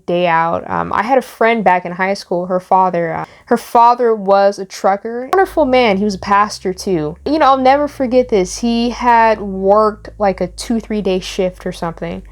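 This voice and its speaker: A young woman vlogger giving heartfelt, rambling commentary on the news. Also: mid-range voice. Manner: emotional, rambling with restarts. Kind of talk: casual commentary.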